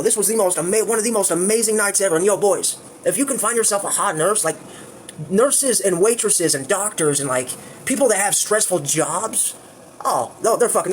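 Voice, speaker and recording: A man's voice: high-pitched, a little hiss or hum. A man telling a crude, rambling story in casual livestream chat, full of fillers.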